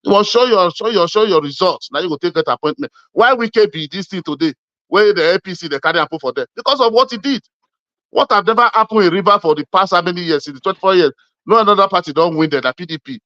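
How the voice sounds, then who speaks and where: A fairly high-voiced man argues politics in Nigerian Pidgin, pressing each point and repeating it to drive it home. The sound is dry and close, though the recording is muffled and lo-fi. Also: expressive, fast talker, bright, forceful tone, no echo. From Edo State, Nigeria. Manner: insistent, repeats himself, calls listener "my brother". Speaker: interviewee. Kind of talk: heated political argument.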